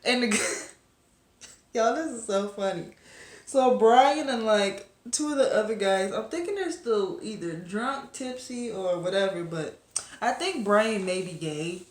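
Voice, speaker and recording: Woman webcomic reviewer, mid-pitch, loose and rambling, lots of fillers, echoey room. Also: lively intonation, a little slow. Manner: chatty, rambling with fillers and asides to viewers. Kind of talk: casual recap chat to camera.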